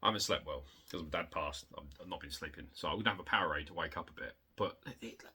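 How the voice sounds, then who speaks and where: A man showing off his retro game collection in a casual, rambling way, excitable and swearing, getting worked up in rants, hot and sweaty. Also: quick pace, few pauses, breathy edge. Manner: excitable, swearing, rants with big pitch jumps. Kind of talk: casual rambling show-and-tell.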